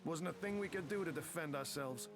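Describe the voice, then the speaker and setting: An actor with a British accent voicing a stranded merchant sailor in a fantasy video game, grumbling and rueful. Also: male voice, fairly high pitch, brisk, music in the background, natural voice.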